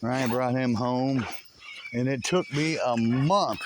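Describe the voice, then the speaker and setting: A middle-aged man talks at an unhurried pace in a casual vlog, chuckling and cooing to his dogs in an overgrown backyard. His voice sits at an ordinary middle pitch. The outdoor audio is noisy, with dogs barking behind him. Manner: chatty and easygoing, chuckles often, coos to his dogs. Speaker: garage owner showing his rescue dogs. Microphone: camera on a swinging makeshift mount.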